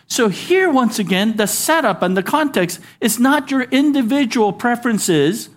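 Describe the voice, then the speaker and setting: A man's voice: very high-pitched, animated, normal speed, hardly any pauses. A male pastor preaching a sermon in a conversational style, with asides and call-and-response to the congregation.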